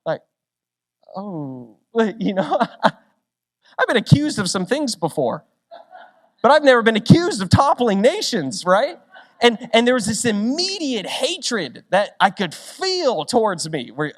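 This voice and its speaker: A young man preaching a sermon, telling a story with quick shifts between loud and hushed delivery. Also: sits high, sing-song. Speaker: pastor.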